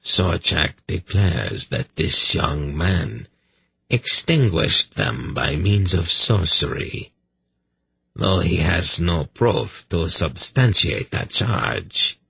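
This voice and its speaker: A male audiobook narrator voicing a menacing older male sorcerer-priest who speaks in a calm, deadly, mocking way. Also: sits low, creaky, slightly rough, dry recording, exaggerated voice. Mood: quietly menacing. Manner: slow, cold, mocking. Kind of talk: audiobook character reading.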